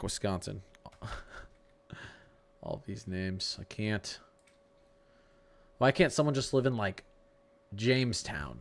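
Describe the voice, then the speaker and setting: A man's voice: fairly low pitch, gravelly. A man hosting a casual live weather stream, reading the radar and answering his chat. He talks loosely, restarts his sentences and stumbles over place names. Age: adult with a young son. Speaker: livestream weather host.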